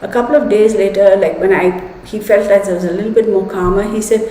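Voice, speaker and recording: A woman's voice: medium pitch, fairly even intonation, quick pace, mellow. A woman hosting a tarot live stream, rambling through a personal story and talking straight to her viewers. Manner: chatty, rambling, addresses viewers as "y'all". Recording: echoey room.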